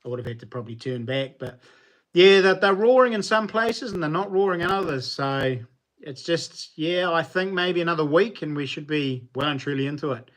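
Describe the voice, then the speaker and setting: A man with a New Zealand accent, a knife maker chatting casually on a livestream and answering viewers in a relaxed, colloquial way. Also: a little high, moderate pace.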